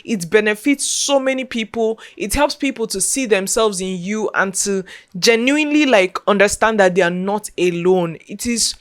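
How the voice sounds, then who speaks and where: A young woman with a medium-pitched, expressive voice speaks at a moderate pace. A content creator and podcast host, she talks earnestly and casually to camera from the heart, repeating herself as she grows emotional and nears tears.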